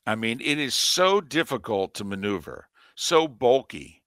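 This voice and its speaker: A man's voice: mid-range voice, lively intonation, unhurried, fairly bright tone, clean tone, no room sound, studio quality. A man co-hosting a sports radio show, giving emphatic opinions in casual sports talk.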